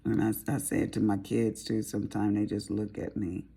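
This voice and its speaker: Speaking briskly with a flat delivery, this middle-aged Southern American woman chats casually and ramblingly as she diamond paints for her crafting vlog. Her voice is extremely low-pitched, creaky, husky, and dark in tone.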